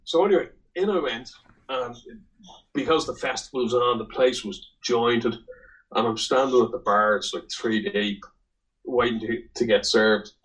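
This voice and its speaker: Speaking at normal speed in a medium-pitched, fairly bright voice, the Irishman rambles through a swear-filled anecdote as a podcast guest. It's relaxed chat on a rough recording.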